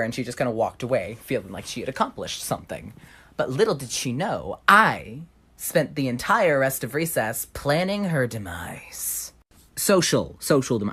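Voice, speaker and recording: A woman's voice: a bass voice, a bit bright, husky. A young woman telling a storytime in a dry, sardonic way, acting out the voices she quotes. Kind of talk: storytime narration over slime video.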